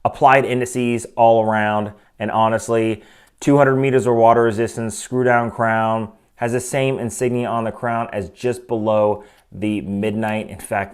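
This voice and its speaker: A man's voice: lowish voice, fairly even intonation, normal speed, clean tone. Male host of a watch review channel, casual and opinionated, speaks into a desk microphone. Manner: opinionated, conversational, frequent asides.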